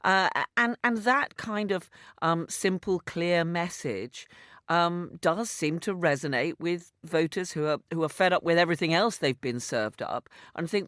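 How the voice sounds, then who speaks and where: A British woman on a radio news panel, weighing her words with fillers and pauses. Her pitch rises and falls a lot. The studio sound is close and dry. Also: expressive, fairly bright tone, no echo. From Britain. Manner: thoughtful, hesitant with many fillers. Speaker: panel guest.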